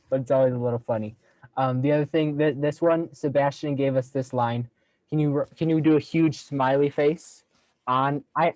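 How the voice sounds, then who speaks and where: A man's voice: medium pitch, mellow, no room sound, rough recording. A young man giving a casual sales training talk on a video call, upbeat and jokey, acting out phone lines as he explains them.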